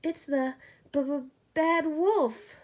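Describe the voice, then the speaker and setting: A woman voicing an excitable, playful little male pig in a storybook. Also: medium pitch, moderate pace. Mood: excited. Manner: squealing, excitable.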